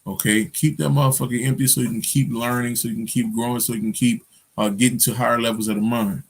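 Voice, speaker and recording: A man of medium pitch talking straight to his viewers in a loose, rambling storytelling style. His speech is thick with street slang, profanity, fillers and false starts, and he keeps checking in with his listeners as he goes. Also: steady tone, fast talker, slightly rough. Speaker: spiritual channel host. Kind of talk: casual storytelling monologue.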